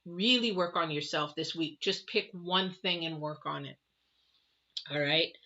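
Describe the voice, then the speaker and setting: Bright-toned woman giving a rambling tarot reading. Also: low voice, a little slow. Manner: rambling, conversational advice with many fillers. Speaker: tarot reader. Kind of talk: casual spoken tarot reading. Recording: dull lo-fi audio.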